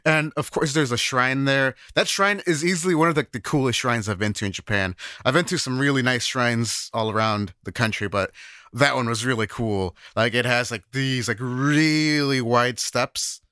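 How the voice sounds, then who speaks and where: A man's voice: medium pitch, normal speed, sharp tone, smooth, no room sound, studio quality. A man co-hosting a podcast, telling a story in a rambling, casual way with lots of fillers and swearing. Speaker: podcast co-host. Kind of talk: casual chat.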